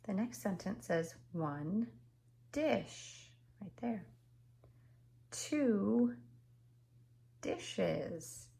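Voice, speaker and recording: A woman teaching kindergarten remotely from home, speaking slowly and patiently in simple words for young children. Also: fairly low pitch, creaky, mellow, roomy sound. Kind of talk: remote class lesson.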